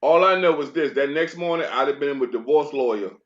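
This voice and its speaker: A man's voice: fairly high pitch, a little fast. A man co-hosting a casual chat about a TV show, talking in an incredulous, emphatic way. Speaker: podcast co-host. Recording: dull lo-fi recording.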